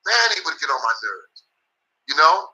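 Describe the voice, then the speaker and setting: A man's voice: a little high, big pitch swings, moderate pace, bright, forceful tone, poor audio. An older man, a boxing trainer, telling stories in an interview in an emphatic, profane, repetitive way. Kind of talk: storytelling interview.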